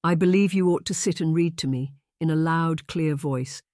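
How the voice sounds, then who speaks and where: A man voicing a proper young aristocrat in an audiobook, speaking in a measured, formal, lecturing way. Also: a little high, a little mellow, dry recording, studio quality, lightly acted. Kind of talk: audiobook narration.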